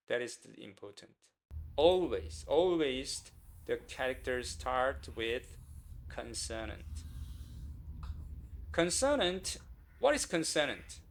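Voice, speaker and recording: A man with a Korean accent teaching a beginner language lesson, speaking slowly and repeating words for learners. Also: mid-range voice, a bit bright. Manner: slow, repetitive, encouraging teacher talk.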